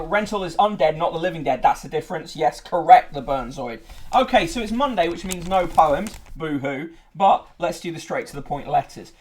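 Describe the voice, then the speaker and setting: A man's voice: a little high, darkish tone, slight background noise. A man hosting a podcast, reviewing newspapers casually with sardonic, sweary asides.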